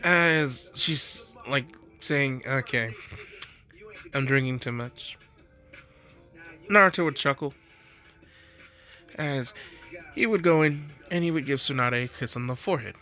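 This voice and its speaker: A man's voice: a little high, a little slow, bright, forceful tone. A young man casually narrating an improvised fan story, rambling with restarts, over faint music.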